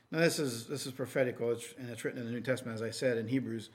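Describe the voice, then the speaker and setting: A man's voice: mid-range voice, steady tone, very fast, few pauses. A man preaching a sermon in a conversational way, with many fillers and restarts, and reading scripture aloud in a raised, emphatic voice.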